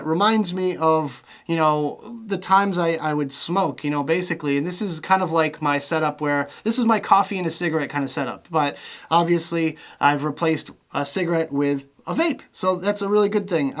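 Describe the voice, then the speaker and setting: Relaxed rambling vlogger man, slightly high. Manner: relaxed, rambling, filler-heavy. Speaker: vlogger reviewing vape gear. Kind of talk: casual vlog chat.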